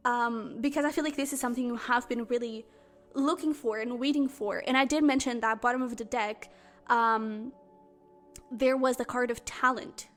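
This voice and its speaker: A woman doing a pick-a-card tarot reading to camera, effusive and excitable, with lots of fillers. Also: on the high side, normal speed, faint music behind. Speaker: tarot reader.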